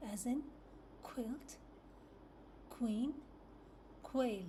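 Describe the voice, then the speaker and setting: Speaking very slowly and patiently, a woman teaches phonics, stretching out each letter sound and repeating it several times. Her slightly high voice is mellow and soft rather than bright, with a faint room hum underneath.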